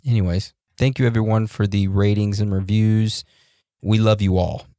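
A man co-hosting a podcast in a relaxed, joking way, reading out listener reviews with loose fillers and laughs. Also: lowish voice, normal speed, no room sound, studio quality. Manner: laid-back, laughs and jokes, loose fillers. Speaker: podcast co-host.

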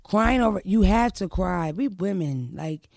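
A young adult woman hosting a podcast, telling her story in a casual chat. She speaks in a brash, profane, animated way. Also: medium pitch, measured pace, creaky, no echo, clean studio sound. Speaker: podcast host.

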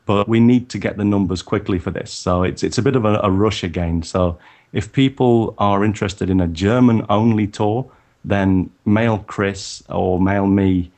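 A man with a very low, deep voice chats casually on a podcast. He rambles a little, restarting sentences and filling pauses as he explains his plans. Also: darkish tone. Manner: rambling, many restarts and fillers. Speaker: photography workshop leader, guest.

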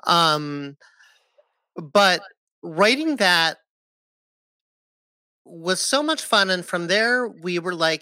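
Bright-voiced, animated young man. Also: high voice, drawn-out words, pauses often, dry recording. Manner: animated, swearing, jumping into voices. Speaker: co-host and musical writer. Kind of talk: casual chat on a video stream.

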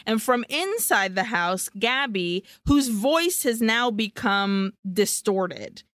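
A woman co-hosting a podcast breezily recaps a film scene by scene, swearing freely along the way. Her mid-range voice is animated and fairly bright, and she speaks slowly. The audio is studio quality with no room sound.

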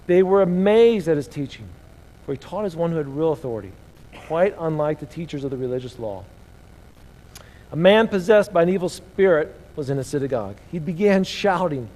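A man's voice: on the high side, lively intonation, a little fast. A man preaching a sermon, reading scripture and asking the room rhetorical questions, his voice swelling and dropping. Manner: rises and drops in loudness, rhetorical questions. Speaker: pastor. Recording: long hall reverb.

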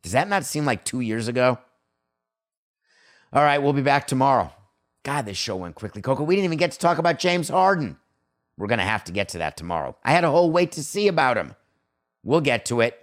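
A man's voice: medium pitch, very animated, a little fast, long pauses. A middle-aged man hosting a sports podcast, talking bluntly and conversationally with strong opinions. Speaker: podcast host. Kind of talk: solo sports talk podcast.

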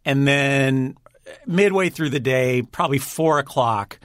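This man, a guest who writes and directs, speaks at a measured pace in a medium-pitched voice with no room sound. The interview is casual storytelling, and he chats along, laughing frequently and starting sentences over.

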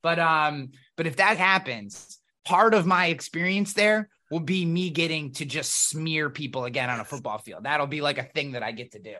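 Podcast guest, male, bright and forceful tone, slightly high, blunt and profane storyteller. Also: normal speed, few pauses. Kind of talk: casual conversation.

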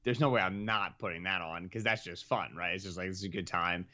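A young man co-hosting a podcast, casually telling a self-mocking story that grows animated. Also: sits low, fairly quick, dull audio. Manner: animated, self-mocking, rising to laughing exclamations. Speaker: podcast co-host.

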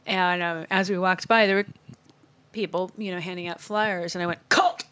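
A woman's voice: on the low side, fairly even intonation, moderate pace, fairly bright tone, smooth. A woman talking casually with a friend, telling stories bluntly and emphatically. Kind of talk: casual chat.

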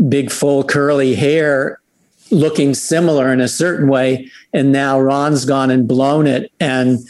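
A man's voice: mid-range voice, a little mellow. A man, a musician guest, telling a story in casual talk, rambling and amused.

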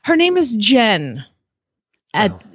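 A woman tells a story on a podcast, her voice lively and bouncing high. She acts out everyone she quotes. The recording is dry and a little dull. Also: slow, slightly rough, dry recording. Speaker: podcast co-host. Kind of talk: casual chat, storytelling.

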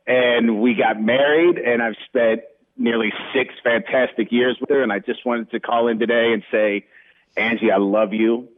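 Casting: earnest male caller from Ohio, halting and heartfelt, over a tinny phone line. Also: medium pitch, steady tone, slight background noise. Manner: earnest, halting, repeats words. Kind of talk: phoned-in dedication.

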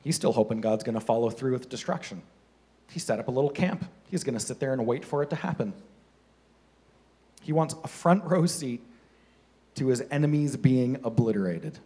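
A man preaching a sermon, animated and playful, acting out the characters with mocking voices. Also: medium pitch, moderate pace, pauses often, slightly rough.

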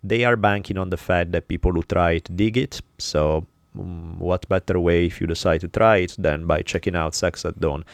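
A man's voice: low voice, fairly even intonation, normal speed, few pauses, no echo, studio quality. Italian-accented man hosting a podcast. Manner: loose, joking, swears, stumbles over names. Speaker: podcast host. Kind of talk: casual podcast chat and sponsor reads.

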